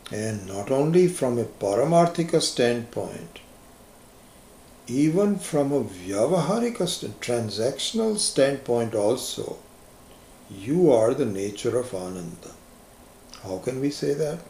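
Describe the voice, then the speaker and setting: A man giving a slow, reflective spiritual lecture as a teacher, stressing key words with rising emphasis. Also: medium pitch, sing-song, gravelly, warm tone, a little hiss or hum. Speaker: Vedanta teacher. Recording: echoey lecture room.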